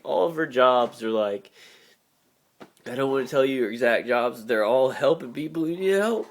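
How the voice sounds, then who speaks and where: A man's voice: mid-range voice, moderate pace. A man recording a confessional video journal, talking in an emotional, rambling way with lots of filler words. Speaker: vlogger.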